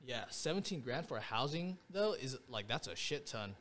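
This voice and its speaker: A man's voice: mid-range voice, big pitch swings, normal speed, a bit bright. A man in his twenties, a podcast guest, telling a personal story in casual slang, leaning on "bro" and "like".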